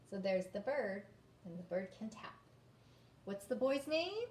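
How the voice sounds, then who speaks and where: Slow sing-song woman teaching phonics. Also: medium pitch, very animated, darkish tone, roomy sound. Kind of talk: reading lesson for young children.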